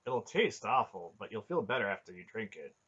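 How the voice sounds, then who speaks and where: A sensible young man from a fantasy storybook who gives plain, practical advice, as a man reads him. His voice is forceful and husky. The recording sounds dull and lo-fi. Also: fairly low pitch, sing-song, a little fast, exaggerated voice.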